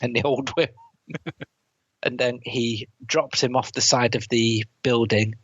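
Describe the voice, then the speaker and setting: A man co-hosts a casual film review podcast, walking through the plot and throwing in quick quoted lines. His voice is a little husky and sits at an ordinary pitch. The recording is dry and somewhat dull, like a basic home podcast mic. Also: steady tone, a bit bright, no echo. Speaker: podcast co-host.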